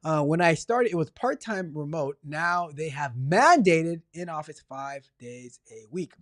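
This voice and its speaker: A man's voice: on the high side, a little slow, no echo, studio quality. A man hosting a live tech career advice show, reading out viewer questions and answering with jokey, exasperated outbursts and lots of repetition. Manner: animated and exasperated, repeating himself for emphasis; jokey, swings between mock outrage and apology.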